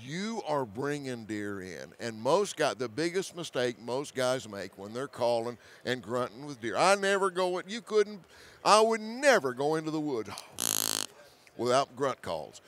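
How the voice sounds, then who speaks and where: A man telling a hunting story as a guest, animated, laughing often, with hurried restarts and repeated words. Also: mid-range voice. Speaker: hunting show host as guest. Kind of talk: storytelling in conversation.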